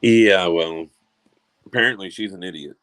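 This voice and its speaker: A man's voice: low-pitched, moderate pace, a bit bright. A man co-hosting a casual live stream, talking bluntly and dismissively, with some swearing. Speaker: co-host.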